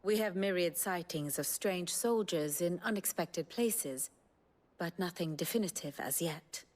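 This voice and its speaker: A woman's voice: on the low side, a little slow. An actress playing a poised, formal noblewoman in a game who speaks with dry wit.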